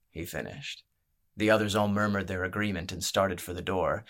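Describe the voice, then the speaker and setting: A man narrating a fantasy story as a scripted audiobook reading, in a measured, even storytelling manner. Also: low voice.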